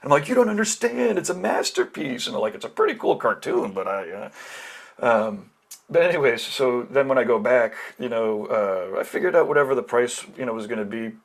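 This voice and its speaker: A man's voice: medium pitch, animated, brisk. A man, a podcast guest, telling a long rambling story over a call, full of fillers and restarts. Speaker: podcast guest, tattoo collector. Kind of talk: casual storytelling.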